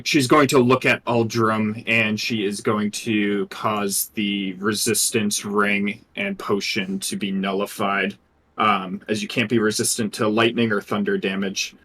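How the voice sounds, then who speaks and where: Man, dungeon master, low voice, bright forceful tone, loose chatty narration. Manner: loose and chatty, many fillers. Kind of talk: narrating a tabletop game.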